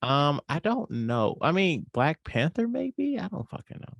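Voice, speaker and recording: A man in casual chat, relaxed and playful, who often acts out quotes as he talks. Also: on the high side, measured pace, vocal fry, no room sound.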